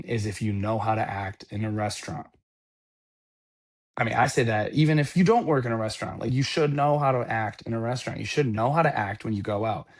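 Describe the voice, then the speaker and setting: A man who works in restaurants giving a blunt, profane, preachy rant. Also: medium pitch. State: sober. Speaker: restaurant worker. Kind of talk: unscripted rant.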